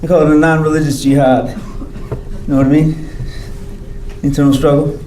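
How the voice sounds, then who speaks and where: A man's voice: on the high side, flat delivery, moderate pace, warm tone, reverberant, slight background noise, rough recording. A man giving a hospital grand rounds talk, telling his own story candidly and wryly, acting out the people he quotes. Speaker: physician speaker. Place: hospital lecture hall.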